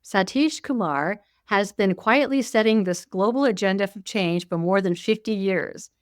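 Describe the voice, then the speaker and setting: A woman's voice: mid-range voice, normal speed, dry recording, studio quality. Woman host introducing a guest. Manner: warm-hearted, enthusiastic. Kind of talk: interview introduction.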